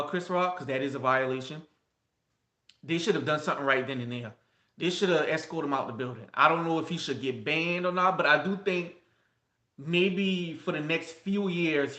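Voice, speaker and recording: A man's voice: on the high side, sharp tone, roomy sound. A man chatting through celebrity gossip with strong opinions, repeating words and talking straight to his viewers. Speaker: gossip vlogger. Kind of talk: casual gossip commentary.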